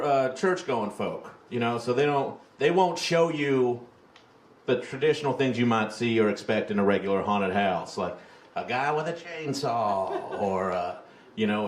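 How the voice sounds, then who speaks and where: A man doing a crude, storytelling stand-up comedy set on a club stage, into a handheld mic, acting out the people in his stories. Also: medium pitch. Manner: crude, storytelling, acts out characters. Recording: echoey club with audience noise.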